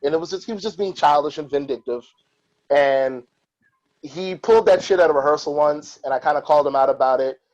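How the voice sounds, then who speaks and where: A man hosting a podcast who tells personal stories in a candid, profane and animated way. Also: a little high, a little fast, lo-fi sound. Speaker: podcast host. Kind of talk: casual podcast storytelling.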